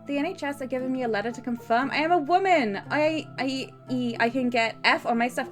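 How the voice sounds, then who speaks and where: A woman's voice: high-pitched, fairly quick, few pauses, a bit bright, soft background music. A woman from the UK streaming live, chatting casually and reading comments aloud in a self-deprecating, giggly way. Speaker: streamer co-writing a story with AI.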